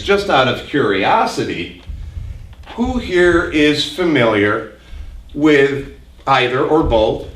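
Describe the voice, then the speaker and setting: A man delivers a history talk to an audience in a lecture hall, pressing hard on words he wants to land. He moves slowly and stops to correct himself, with fillers between phrases. The recording catches him from well back in a reverberant room. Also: mid-range voice, a bit bright. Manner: emphatic, halting with fillers and restarts. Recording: echoey room, mic far off.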